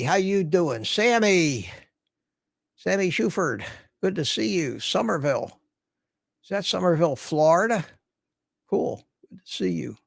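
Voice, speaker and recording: A man's voice: a little high, creaky, no echo. An older man hosting a livestream in casual chat, rambling along and greeting viewers by name. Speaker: livestream host. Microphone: studio mic through a mixer.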